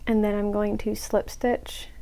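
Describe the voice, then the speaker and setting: A woman's voice: mid-range voice, level tone, measured pace, gravelly, dark tone, rough recording. A young woman casually explaining a crochet pattern step by step, with chatty, self-mocking asides. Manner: chatty, self-mocking asides, drops to a whisper when muttering to herself. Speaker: crochet tutorial host.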